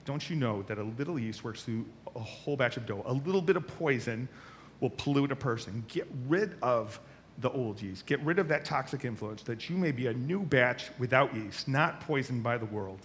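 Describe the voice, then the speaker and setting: Male pastor, mid-pitched, lively sermon delivery, faint rumble behind. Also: moderate pace. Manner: animated storytelling, acts out voices.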